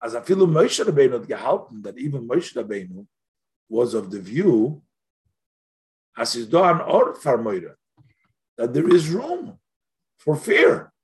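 Unhurried and very animated, a Torah teacher with a mid-range voice pauses often as he leads a text-study lesson. He thinks through questions aloud, voice lifting when he asks them, and drops in Yiddish and Hebrew phrases.

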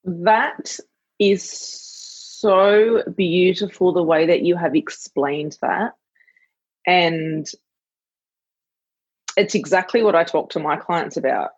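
A woman hosting an interview, effusive and heartfelt, telling personal stories with a husky voice. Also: fairly low pitch, slow pace, pauses often. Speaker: podcast host, mother. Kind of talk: conversational podcast interview. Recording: dull lo-fi, dry.

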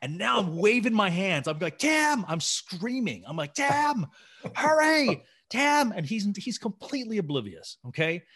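Animated man telling a story. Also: sits high, normal speed, few pauses, husky. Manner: animated, acts out dialogue, laughs while telling. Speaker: podcast co-host. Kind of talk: casual storytelling.

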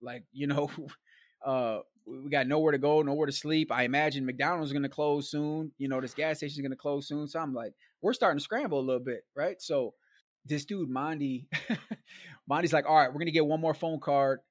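As a guest, a man rattles through a long, rambling story, animated and casual, heavy on "like," "man," "bro" and other slang. His voice is fairly high and brisk, captured in clean studio sound without any room tone.

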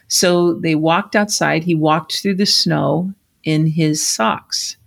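A woman's voice: low voice, slow pace, vocal fry. A middle-aged woman, a life coach hosting a podcast, tells a personal story conversationally and acts out the people in it. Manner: animated, acts out quoted voices.

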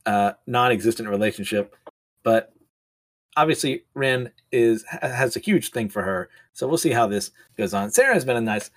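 A man's voice: mid-range voice, no room sound. A man casually reading comics aloud and commenting, chatty and often laughing. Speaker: manga reviewer.

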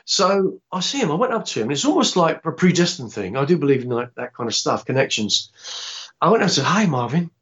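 A man, telling a long anecdote in a rambling, halting way with many restarts. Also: fairly high pitch, very animated, a bit bright, dull audio. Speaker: interviewee, film actor. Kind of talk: casual anecdotal storytelling.

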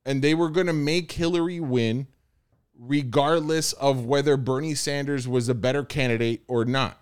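A man's voice: mid-range voice, fairly even intonation, normal speed, clear, resonant tone. A young American man telling a story in casual chat, acting out the people he quotes. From United States.

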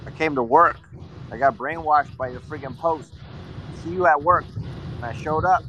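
A man with a bright, tense voice, pitched a little high. He jokes and teases the others in a playful way. Faint noise sits behind him. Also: normal speed, low-quality recording. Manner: teasing, playful. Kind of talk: casual chat on a live audio stage.

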